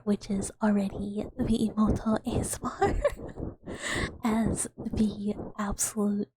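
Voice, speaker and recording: A woman streamer chatting in a soft ASMR whisper, rambling and giggling with many fillers. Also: medium pitch, level tone, slow, pauses often, noisy background.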